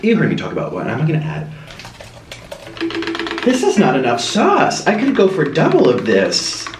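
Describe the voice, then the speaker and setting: A man's voice: a little high, wildly swooping pitch, a little slow, long pauses, reverberant, over music. A man casually talking through a recipe as a home cooking vlogger, chatty and given to dramatic exclamations. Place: home kitchen.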